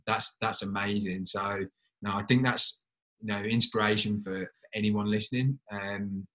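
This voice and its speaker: A man's voice: lowish voice, fairly even intonation, moderate pace, bright, forceful tone, poor audio. A man hosting a podcast, talking in an earnest, rambling and encouraging way. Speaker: podcast host. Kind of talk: casual interview chat.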